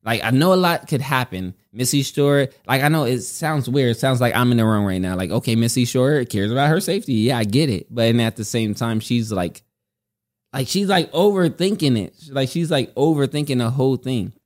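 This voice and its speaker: A man chats on a podcast recorded at home, with a mid-range voice that is neither high nor low. He rambles and often repeats himself. He tells stories in an animated way. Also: a little fast. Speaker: podcast co-host. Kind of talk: casual chat.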